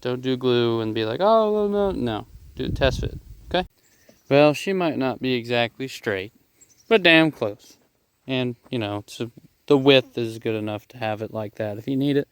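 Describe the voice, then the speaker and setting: A man casually explaining a DIY job as he works outdoors, rough-spoken, swearing freely and joking at his own expense. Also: medium pitch, moderate pace. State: out of breath at times. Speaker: DIY vlogger. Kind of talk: casual how-to narration while working outdoors. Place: outdoors at a digging site.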